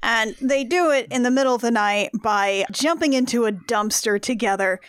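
A woman's voice: on the high side, normal speed, clear, resonant tone. A woman on a podcast giving wry, joking commentary on a movie. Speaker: podcast co-host. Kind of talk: casual movie recap chat.

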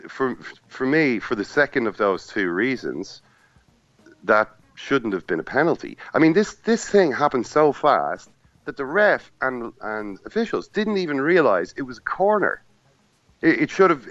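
Lively, animated man talking football. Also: mid-range voice, no echo, lo-fi sound. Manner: animated, acts out players and referee in quick asides. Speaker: football pundit at the final. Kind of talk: casual podcast chat.

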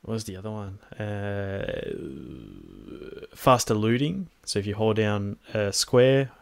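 A man co-hosting a casual podcast, talking in a relaxed, hesitant way with many ums. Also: fairly low pitch, takes it slowly, smooth. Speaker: podcast co-host. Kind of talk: casual chat.

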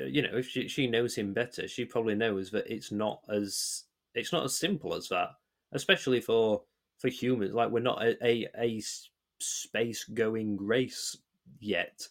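A man's voice: mid-range voice, unhurried, a bit bright. A man co-hosting a podcast, chatting casually and working through his thoughts with frequent hesitations and restarts. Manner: hesitant, many restarts, rambling analysis. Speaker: podcast co-host. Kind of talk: casual chat.

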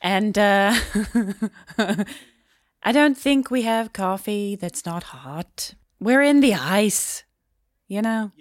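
A woman's voice: medium pitch, expressive, slow pace, no room sound, clean studio sound. A woman voicing a cheery, flustered handler at a polar outpost, in a put-on Minnesota accent that keeps slipping. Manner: chirpy, flustered, stumbling over words.

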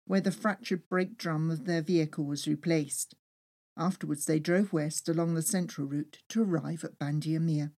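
A woman reading her own travel memoir aloud with lively, expressive storytelling. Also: lowish voice. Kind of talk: first-person memoir reading.

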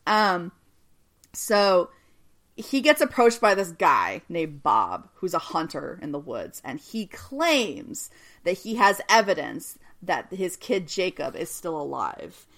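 A woman's voice: fairly low pitch, big pitch swings, slow, fairly bright tone. A woman co-hosting a podcast, recapping a TV episode in casual chat, swearing often and laughing a lot. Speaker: podcast co-host.

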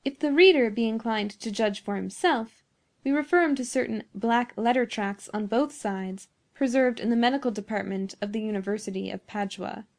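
A woman reading a classic story aloud in a measured, formal narration. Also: on the high side. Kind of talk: scripted narration.

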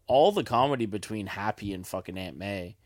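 A man's voice: on the low side, expressive, fairly quick, darkish tone, no echo. A man co-hosting a podcast, chatting casually and enthusiastically with some swearing. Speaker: podcast co-host. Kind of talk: casual chat.

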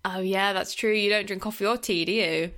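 A woman's voice: mid-range voice, steady tone, a little fast, fairly bright tone. A woman, co-hosting a film podcast in casual chat, talking loosely with lots of "like" and frequent laughs. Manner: chatty, laughs often, trails off with "like". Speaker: podcast co-host.

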